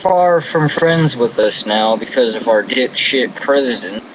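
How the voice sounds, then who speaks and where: A man's voice: medium pitch, lively intonation, measured pace. An American man delivering an angry, profane political rant to camera, full of contempt and insults. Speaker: vlogger. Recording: dull lo-fi audio with air-conditioning hum.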